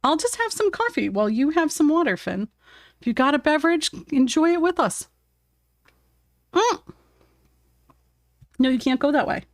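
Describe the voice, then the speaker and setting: A woman's voice: high-pitched, very animated, moderate pace, long pauses, no echo, clean studio sound. A woman chatting casually on a live art stream while she paints at her home desk, talking to her cat and viewers and laughing often.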